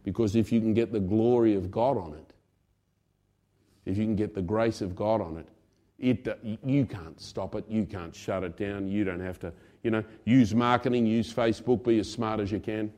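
A male pastor preaching a sermon in a conversational way, swinging between loud emphasis and quiet asides. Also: on the low side, moderate pace.

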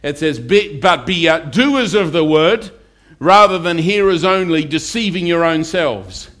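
A man's voice: a little high, lively intonation, measured pace, a bit bright. A pastor preaching a conversational sermon to his congregation and asking them for amens. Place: church.

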